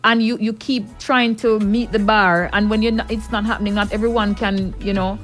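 A woman co-hosting a relaxed talk show at an ordinary pitch. She talks earnestly and thoughtfully, easy to laugh. Faint music plays under her voice. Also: normal speed. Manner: earnest, reasoning, laughs easily. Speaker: co-host. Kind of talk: casual chat.

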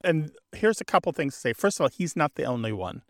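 Lively, dry-sounding radio host, man. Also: a little high, quick pace, no room sound. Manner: explanatory, good-humored, scholarly. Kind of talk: radio call-in talk. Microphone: studio microphone.

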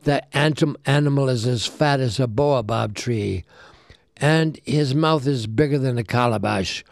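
A man's voice: medium pitch, measured pace, gravelly, no echo, studio quality. A man voicing a village chieftain in a storybook tale, giving orders and then stammering with fear. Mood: frightened. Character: frightened village chieftain, male adult.

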